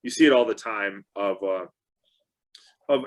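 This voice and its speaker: A man co-hosting a casual engineering discussion, relaxed and chatty, with many fillers and restarts. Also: on the low side, measured pace. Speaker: co-host.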